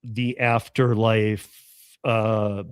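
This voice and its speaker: A man's voice: lowish voice, very slow, clean tone, no echo, clean studio sound. A man hosting a podcast, chatting animatedly and jokingly, with frequent restarts. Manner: animated, joking, full of restarts and mock voices. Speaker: host. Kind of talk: casual podcast conversation.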